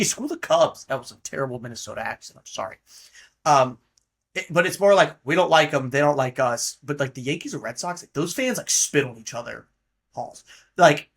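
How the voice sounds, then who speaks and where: A man's voice: fairly high pitch, fairly bright tone. A man hosting a casual solo podcast monologue, rambling and offhand and swearing casually. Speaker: podcast host.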